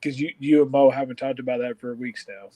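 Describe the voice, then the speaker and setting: A man co-hosting a casual sports show, eager and stumbling, often restarting his sentences. His voice stays monotone, with little rise or fall. The recording is dry and close. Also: medium pitch, a little fast, no room sound, rough recording. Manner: excitable, stumbling restarts, repeats words. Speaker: podcast co-host.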